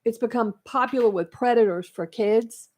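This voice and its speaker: A woman's voice: a little high, moderate pace, darkish tone. A woman co-hosting a talk radio show, earnestly explaining a concern with frequent ums. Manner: earnest, informative, many ums.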